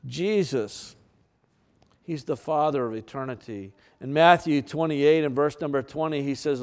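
A man preaching a sermon, building through repetition and dramatic pauses, with some fillers and restarts. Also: mid-range voice, expressive, clean tone. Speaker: pastor.

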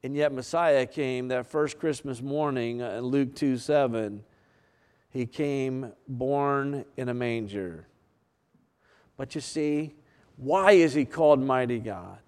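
A man preaching a sermon, building through repetition and dramatic pauses, with some fillers and restarts. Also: mid-range voice, a little mellow, smooth. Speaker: pastor.

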